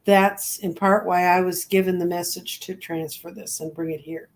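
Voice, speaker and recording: A woman in her seventies, a crystal reader, chatting as a guest and telling lively stories in which she acts out the voices of others. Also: fairly low pitch, moderate pace. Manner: chatty, animated storyteller acting out quoted voices. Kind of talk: casual storytelling chat.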